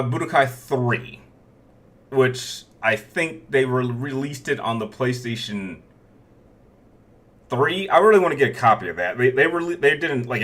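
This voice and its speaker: Thirties guy reading out viewer questions, bright voice, rambly with lots of restarts. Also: mid-range voice. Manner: rambling, many restarts, chuckles between answers. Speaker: YouTube Q&A host. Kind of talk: casual chat answering viewer questions.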